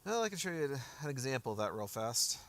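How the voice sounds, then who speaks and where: A gaming streamer with a mid-range, fairly bright voice talks very animatedly and fast in casual livestream commentary. He rambles, restarts often while answering chat, and sounds a bit worn, as he's losing his voice.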